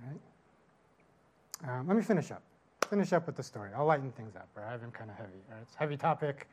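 Over a noisy background, a middle-aged pastor delivers a conversational sermon in a brisk, animated voice of medium pitch. He tells a story and tacks "right?" onto nearly every line.

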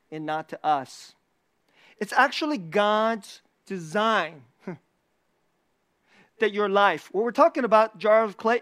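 Preacher, casual sermon, animated, repeats phrases, laughs often. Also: medium pitch. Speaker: preacher with a weekly video channel.

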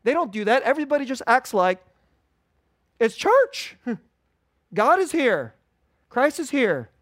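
A pastor preaching a loose, conversational sermon to a church congregation, circling back to repeat key phrases and breaking into chuckles. The voice sits at a middle pitch. The sound is close and dry, with no room echo. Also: sing-song, measured pace, a bit bright. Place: church service.

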